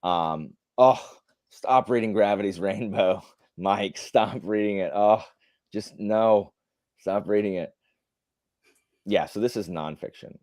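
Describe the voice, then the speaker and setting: A man with a very low voice hosts a casual live stream from home, reading viewer comments aloud as he goes. His talk rambles, full of fillers and restarts, with blunt opinions dropped in. The sound is close and dry, with no room around it. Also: takes it slowly, long pauses, a little mellow, no echo. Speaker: livestream host.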